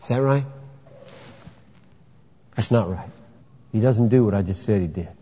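A man's voice: on the low side, measured pace, breathy edge. Emphatic preacher man in a reverberant hall. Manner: animated, emphatic, rhetorical questions, bursts of shouting. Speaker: pastor. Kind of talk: sermon. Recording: dull sound with long hall reverb.

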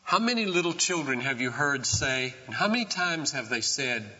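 A middle-aged man preaching a sermon in a church, slow and impassioned, rising to shouts at his peaks. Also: medium pitch, very animated. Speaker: pastor. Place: church sanctuary. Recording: muffled sound with long hall reverb.

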